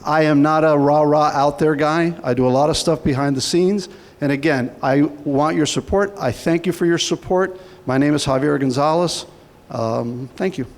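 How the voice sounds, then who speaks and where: Man running for office, heartfelt storytelling, fairly high voice, echoey hall. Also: normal speed. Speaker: political candidate. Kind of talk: campaign speech. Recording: hall reverb.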